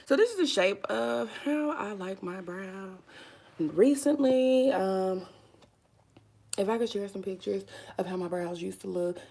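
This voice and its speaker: Woman doing her makeup on camera, chatty and dramatic, kinda raspy voice, says honey a lot. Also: medium pitch, animated, a little slow, mellow. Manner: chatty, dramatic, calls viewers honey and y'all. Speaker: vlogger. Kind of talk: casual makeup vlog chat.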